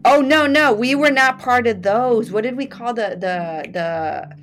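A woman in her late thirties, a podcast guest telling stories in casual chat, animated and laughing often. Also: a little high, measured pace, faint music behind.

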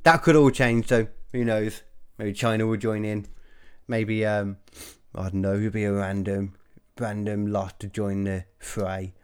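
A young man from the UK talking alone in a loose, rambling way. He swears freely and mocks himself, jumping from loud bursts to low mumbles. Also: little pitch movement, clean tone. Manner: rambling, self-mocking, sweary, quick swings between loud and mumbled. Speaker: podcaster and stand-up comic. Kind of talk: casual solo chat.

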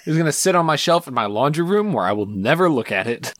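A man co-hosting a podcast in casual chat, playful and quick to laugh. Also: on the high side, no room sound. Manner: animated, laughs often, playful. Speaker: podcast co-host.

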